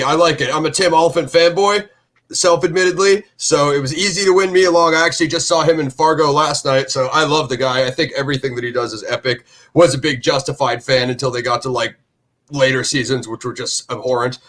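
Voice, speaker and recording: A man's voice: on the high side, steady tone, a little fast, a bit bright. A man hosting a review show in loose, rambling casual chat, full of fillers and restarts.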